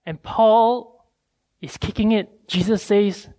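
High-voiced, unhurried preacher man. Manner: animated storytelling with many rhetorical questions. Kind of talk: sermon.

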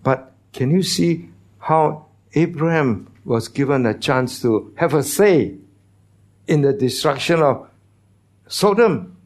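Emphatic male pastor preaching a sermon. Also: slow. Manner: emphatic, asks the congregation repeated rhetorical questions; voice often rises in pitch and loudness for emphasis.

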